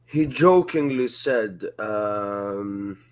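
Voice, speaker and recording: A man's voice: lowish voice, animated, extremely slow. Man chiming in on a football podcast. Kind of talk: casual podcast chat.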